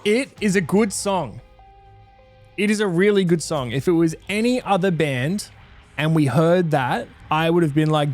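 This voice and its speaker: A man's voice: a little high, lively intonation, unhurried. Give me an Australian man streaming a casual music reaction, thinking aloud in an earnest, rambling way with lots of restarts. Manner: rambling, self-interrupting, earnest.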